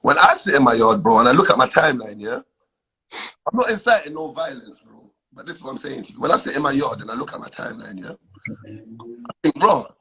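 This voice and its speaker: Animated raspy man arguing. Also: mid-range voice, brisk, low-quality recording. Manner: insistent, argumentative, lively. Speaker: caller on a live stream. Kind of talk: live-stream debate.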